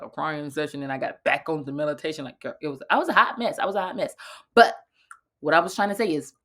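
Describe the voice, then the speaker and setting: A young adult woman talking casually to her viewers in a vlog, chatty and animated, laughing often and sometimes dropping to a hush. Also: deep voice. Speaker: vlogger. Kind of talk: casual direct-to-camera vlog talk.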